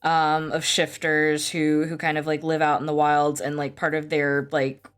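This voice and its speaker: A woman's voice: sits low, completely flat delivery, moderate pace, clear, resonant tone, faint music behind. A woman with a Southern US accent chatting as a player, hesitant and full of fillers. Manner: hesitant, filler-heavy, giggly. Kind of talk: casual chat about a tabletop game.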